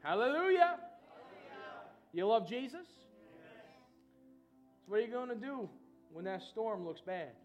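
A male pastor preaching an energetic sermon in a church, calling out to the congregation and breaking into loud whoops. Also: sits high, unhurried, pauses often, dull audio, soft background music. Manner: shouts of woo, call and response.

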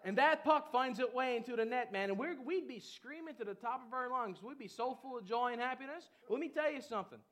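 A man preaching a lively sermon, chatty with many fillers and breaking into shouted calls to the congregation. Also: extremely high pitch, fairly quick, hardly any pauses. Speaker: pastor.

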